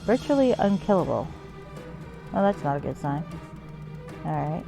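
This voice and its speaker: Streamer, female, casual let's-play chatter, curses a lot, animated pitch, game music underneath. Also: moderate pace, gravelly. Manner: chatty, swears freely, talks to game characters. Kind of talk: casual gameplay commentary.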